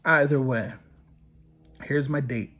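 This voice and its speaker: A middle-aged man with a slightly rough, medium-pitched voice and slow pace hosts a podcast and pierces bodies for a living. Here he tells a crude, swear-filled story in casual fashion, animatedly acting out the quotes.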